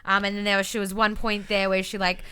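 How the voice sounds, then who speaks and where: Bright, clear-voiced woman. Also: medium pitch, quick pace. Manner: chatty and animated, swears freely, many filler words. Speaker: podcast co-host. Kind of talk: casual chat.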